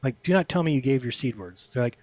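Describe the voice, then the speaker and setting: A man talking on a podcast at a brisk clip, casual and conversational. He jumps into the voices of the people he quotes, pitching up for their lines. The sound is dry and close. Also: dry recording. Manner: animated, acts out quoted people with raised voice. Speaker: podcast guest. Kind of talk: casual storytelling interview.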